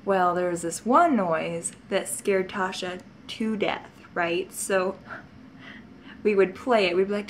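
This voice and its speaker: A woman vlogger tells stories from her childhood in a loose, rambling way. She laughs often and wanders into asides, speaking at a medium pitch with a faint hiss of noise behind her. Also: a little slow. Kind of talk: casual storytelling to camera.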